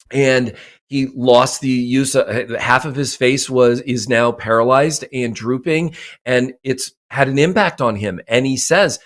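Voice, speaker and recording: A man's voice: mid-range voice, a bit bright. Emphatic motivational man. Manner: emphatic, repeats phrases for effect. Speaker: podcast guest, mindset coach. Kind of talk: motivational interview talk.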